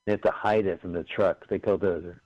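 A man's voice: sits low, steady tone, a little fast. A man co-hosting a podcast, joking and swearing casually as he comments on a movie he is watching. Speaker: podcast co-host. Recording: dry, dull lo-fi sound.

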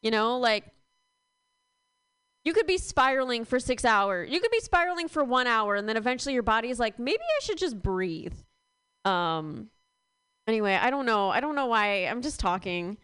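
A young woman performing a rambling, deadpan stand-up comedy set. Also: on the high side, moderate pace, clear, resonant tone, no room sound. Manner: deadpan, rambling with many fillers.

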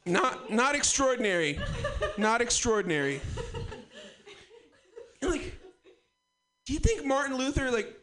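A man's voice: extremely high pitch, sing-song, unhurried, long pauses, a crowd in the background. A man in his twenties doing a rambling, profane, self-mocking stand-up routine. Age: 20s. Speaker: stand-up comedian.

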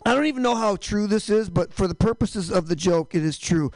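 A man's voice: sits high, a little fast, a little mellow, dry recording, poor audio. A man hosting a stand-up comedy show in a small room, rambling and profane, often cutting himself off. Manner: rambling, self-interrupting, profane.

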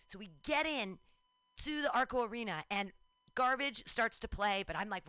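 A woman in her forties telling a lively personal story on a radio talk show, acting out her own shouts and cheers. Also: mid-range voice, a little fast, dry recording.

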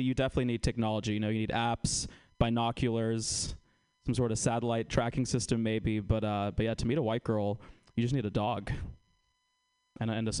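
Man, stand-up comedy, ironic, chatty, club stage, handheld mic, mid pitch. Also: darkish tone, clear, resonant tone. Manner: ironic, conversational, asks the crowd questions.

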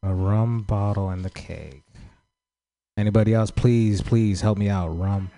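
Male comic, lowish voice, halting and stammering, pleading for notes. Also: fairly even intonation, warm tone. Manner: hesitant, stammering, pleading for feedback. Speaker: stand-up comedian. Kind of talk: post-set crowd banter.

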